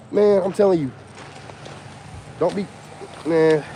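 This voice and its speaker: A man's voice: fairly high pitch, takes it slowly, a little mellow, a little hiss or hum. A man in his thirties talking in a casual vlog monologue, emphatic and repetitive with a slangy delivery. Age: 30s. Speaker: YouTuber.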